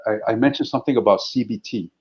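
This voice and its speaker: A man's voice: medium pitch, fast, a little mellow, lo-fi sound. A man, an actor and guest, talking animatedly in a casual interview and often repeating words.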